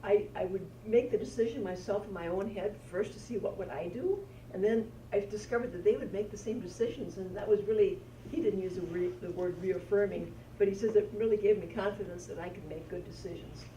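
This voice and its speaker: A woman's voice: mid-range voice, dark tone. Hesitant woman telling a story from afar. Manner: halting, with restarts. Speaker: workshop participant sharing a story. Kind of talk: telling an anecdote. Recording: distant voice in an echoey room, clear noise.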